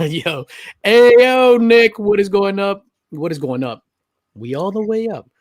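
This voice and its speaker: A man's voice: high-pitched, lively intonation, a little slow, no echo, clean studio sound. A man hosting a casual live stream, chatting animatedly, laughing and reading out viewer comments. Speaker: host of a live stream show.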